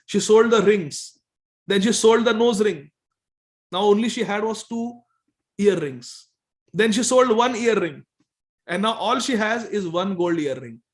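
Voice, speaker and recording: A poor, humble devotee pleads in bewilderment, voiced by a man. His voice is high. He sounds earnest and helpless in a devotional tale. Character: Ramdas, a poor, humble old male devotee.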